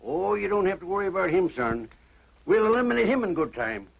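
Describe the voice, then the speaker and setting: An actor playing a brash, boisterous old cowboy grandfather, talking in a loud, folksy, blustering way, in a dull old film recording. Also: high voice, very animated, a little fast, gravelly, breathy edge, heavily acted. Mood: jovial. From Wyoming. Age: older. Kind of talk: 1950s TV drama acting. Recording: dull lo-fi 1950s film sound.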